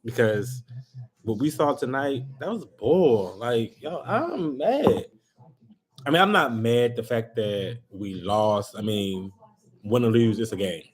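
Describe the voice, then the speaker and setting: Speaking at a measured pace in a lowish voice, a man from Baltimore vents to his live-stream audience. The talk is casual, but he sounds animated and fed up.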